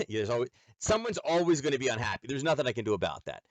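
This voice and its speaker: A man's voice: medium pitch, big pitch swings, quick pace, dry recording. A man hosting a live trading lesson, talking casually to viewers about charts and filling his speech with "um" and "like". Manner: loose and chatty, full of "um" and "like", talking to viewers. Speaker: trading educator hosting a nightly chart stream.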